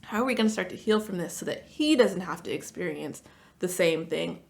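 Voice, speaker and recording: A woman therapist talking casually as a podcast guest, chatty, with lots of "like" fillers and lively storytelling. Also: on the low side, fairly quick, vocal fry. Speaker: marriage and family therapist.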